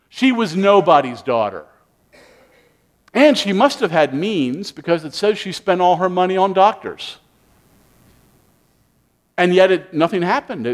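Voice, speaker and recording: A man preaching a sermon, animated, acting out people's inner voices with sighing asides. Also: high-pitched. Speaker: pastor.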